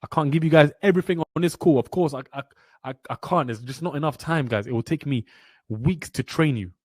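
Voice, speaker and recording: A young male trading mentor leads a motivational webinar lecture, his voice fairly high and fairly quick with no room sound. He's blunt and preachy, speaking passionately and repeating lines for emphasis.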